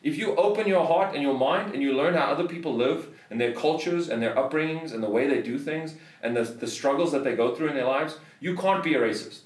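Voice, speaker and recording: A man's voice: on the high side, brisk, hardly any pauses, reverberant, far from the mic. A South African man on a podcast, telling a story in a heated, swearing rant. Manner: swears a lot, heated ranting. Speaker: podcast host. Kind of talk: casual storytelling.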